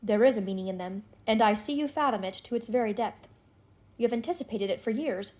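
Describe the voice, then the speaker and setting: A woman voicing a destitute, menacing male stranger who speaks in low, urgent, threatening tones. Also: a little fast, darkish tone, natural voice.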